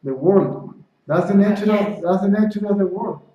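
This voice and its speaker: At normal speed and with a high-sitting voice, a man delivers a satsang talk to a few listeners as a spiritual teacher. He talks conversationally, often tossing in "right?" and "see?", and performs the dialogue in his anecdotes. The room is echoey and distant, and the recording is dull lo-fi with slight noise.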